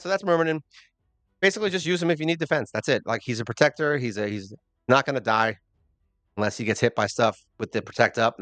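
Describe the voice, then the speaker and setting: A man's voice: medium pitch, a bit bright, no echo. A man hosting a mobile gaming channel, rambling through casual game commentary with self-deprecating jokes.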